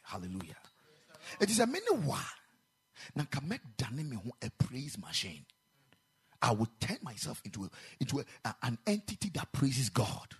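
A man preaching a sermon in a chapel, moving between quiet speech and loud sung exhortation. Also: medium pitch, huge pitch swings, moderate pace, husky.

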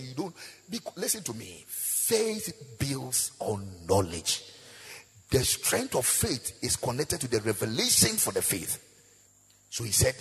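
Male preacher, gravelly, wildly swinging pitch, call-and-response questions, long hall reverb. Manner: chanting sing-song delivery, rising to shouts; bursts of praying in tongues. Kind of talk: sermon. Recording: echoey hall with faint music.

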